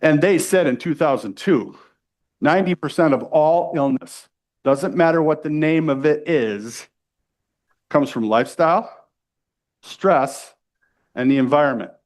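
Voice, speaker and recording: A middle-aged man from the United States giving a live sales training to a room, energetic and pushy, often checking in with the audience. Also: a little high, measured pace, pauses often. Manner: energetic, salesy, keeps asking "right?".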